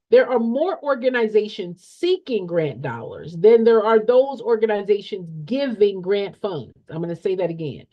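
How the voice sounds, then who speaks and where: Blunt woman coach preaching about nonprofit money, repeats herself a lot, lively up and down pitch, kinda dull lo-fi audio. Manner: blunt, repetitive, preachy with rhetorical questions; folksy, slangy talk. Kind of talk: emphatic motivational teaching. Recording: dull lo-fi sound.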